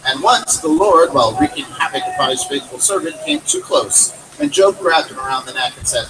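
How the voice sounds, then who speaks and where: A man reading a comic story aloud at a read-in with a dry storytelling delivery, on a distant mic with loud background noise. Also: on the high side, wildly swooping pitch, brisk, few pauses. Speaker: reader at a read-in.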